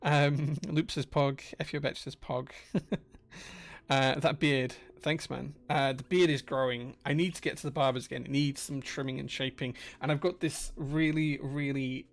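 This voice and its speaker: A man hosting a casual livestream, greeting viewers by name in a friendly, rambling way with lots of fillers. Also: medium pitch. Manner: friendly, rambling, reads chat names aloud with fillers. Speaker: livestream host, keyboard builder. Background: music playing.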